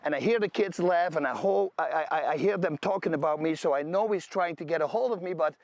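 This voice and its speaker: A man's voice: a little high, brisk, a little mellow, dry recording. A man sharing his personal faith testimony to camera in an emphatic, conversational storytelling way. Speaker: video creator.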